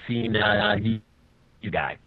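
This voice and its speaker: A man in casual podcast chat, laid-back and agreeable, with a halting delivery. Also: fairly low pitch, huge pitch swings. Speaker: podcast co-host. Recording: husky, phone-like sound.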